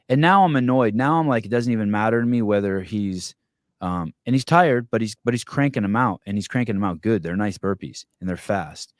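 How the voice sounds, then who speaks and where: Low-ish voiced guy hosting a podcast, animated rambling story, swears a lot. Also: dry recording, clean studio sound. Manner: animated, profane, rambling with many restarts. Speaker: podcast host. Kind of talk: casual storytelling.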